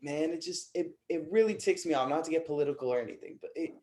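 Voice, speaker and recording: A man's voice: fairly high pitch, fast talker, a little mellow. A young man hosting a casual radio chat, earnest, filling his talk with "like" and "bro". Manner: earnest, says "like" and "bro" a lot. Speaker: radio show host.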